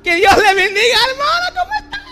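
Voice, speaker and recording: A man's voice: very high voice, very animated, fast talker, bright, forceful tone, soft background music, pitched above the performer's own voice, heavily acted. A man mimicking a sugary-sweet phone-voice mother. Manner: sugary on the phone, snapping in asides.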